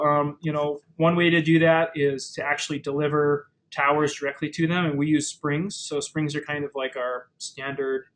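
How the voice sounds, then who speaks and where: A man's voice: on the high side, low-quality recording. A man presenting a webinar in a casual, explanatory way, with plenty of fillers and restarted phrases. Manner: conversational, many fillers and restarts.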